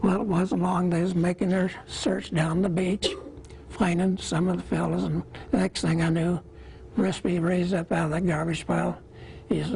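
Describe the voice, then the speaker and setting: A man in his eighties from Iowa, a war veteran telling his memories in an interview, plain-spoken and halting, with small pauses. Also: high voice, level tone, creaky, a little mellow, a little hiss or hum, low-quality recording.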